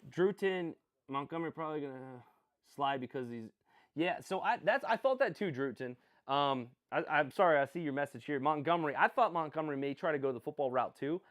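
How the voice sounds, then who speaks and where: A man's voice: a little high, lively intonation, fairly quick, a bit bright. A man hosting a casual live stream, rambling, making jokey asides and answering viewers as he reacts to picks. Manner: rambling, jokey, self-deprecating, chats with viewers. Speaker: livestream host.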